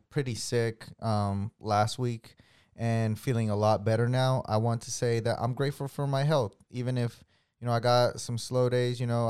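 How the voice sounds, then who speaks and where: A man's voice: medium pitch, a little mellow, clean tone. A man co-hosting a podcast in casual chat, friendly, repeating words and calling people "bro". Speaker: podcast co-host.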